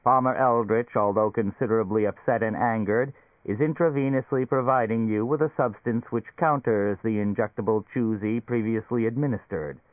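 A man's voice: fairly low pitch, steady tone, normal speed, dry recording, lightly acted. A man voicing an obliging machine therapist in a suitcase, with a tinny sound and a polite, explanatory manner. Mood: explaining. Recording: dry, phone-like narrow sound.

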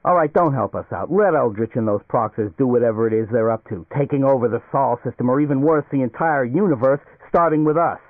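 A man's voice: mid-range voice, animated, normal speed, dry recording, natural voice. A man voicing a pushy, blustering middle-aged male company boss in an audiobook, talking insistently and hectoring. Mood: agitated. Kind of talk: audiobook character voice. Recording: tinny narrow-band recording, dry.

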